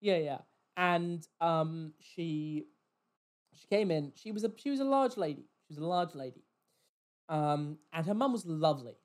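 A man's voice: a little high, unhurried. A man on a podcast telling a story about a rude customer in casual chat, swearing and acting out what people said. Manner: animated, swears, mimics customers in quoted voices. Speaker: podcast host. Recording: poor quality audio.

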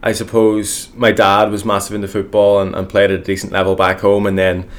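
A young man from Northern Ireland speaks with a Northern Irish accent and a low, deep voice. He chats casually as a guest, relaxed and modest, with many ums. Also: a little fast. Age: young adult. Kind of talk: casual interview chat.

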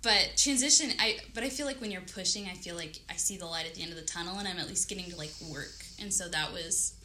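A woman in her thirties, a podcast guest telling a story in casual conversation, animated and acting out her own thoughts. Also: on the low side, fast talker. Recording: faint background noise.

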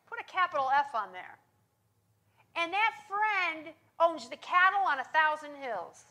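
A woman's voice: very high-pitched, sharp tone. A woman teaching on prayer in a sermon style. She speaks with emphasis and often checks in with her listeners. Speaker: Bible teacher.

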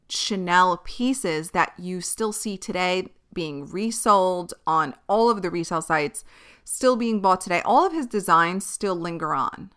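Bright, clear-voiced woman podcaster. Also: lowish voice. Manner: chatty, candid, swears and laughs easily. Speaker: podcast host. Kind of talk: casual solo podcast commentary.

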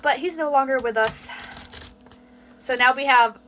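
A woman's voice: sits high, a little slow. A woman co-hosting a podcast, telling workplace stories in casual chat, swearing freely. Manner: profane, storytelling, lively. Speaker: podcast co-host.

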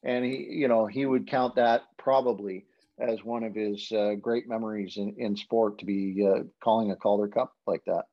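A man's voice: on the low side, fairly even intonation, normal speed. A man, a hockey broadcaster, telling rambling anecdotes in casual podcast chat, with lots of fillers and restarts. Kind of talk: casual storytelling. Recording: dull lo-fi sound.

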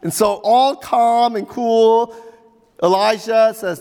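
A man preaching a sermon as pastor, telling a story in a lively, conversational way with asides to the congregation. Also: high-pitched, moderate pace, in a large hall.

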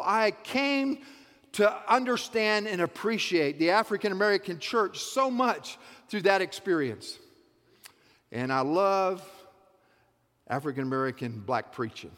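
A man delivers a sermon in a slightly high voice that rings through a large hall with a long reverb. He moves between quiet storytelling and rising, rhythmic refrains that swell into shouts. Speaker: pastor.

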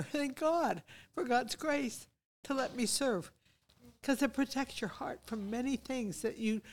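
An older woman, a missionary guest, telling personal stories and exhorting listeners in an outspoken, emphatic way. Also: on the high side. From United States. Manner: outspoken, emphatic, animated retelling.

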